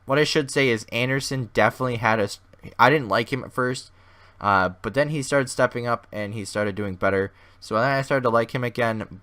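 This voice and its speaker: A man with a hoarse, fading voice giving casual, rambling commentary over a video game as host of his gaming channel. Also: fairly low pitch, pushed and bright. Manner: rambling, thinks aloud with many restarts.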